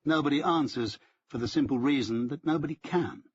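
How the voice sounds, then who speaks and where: Husky guy reading a novel aloud, wry dry delivery, muffled lo-fi audio. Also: a little high, brisk, dry recording. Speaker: audiobook narrator. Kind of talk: scripted first-person audiobook narration.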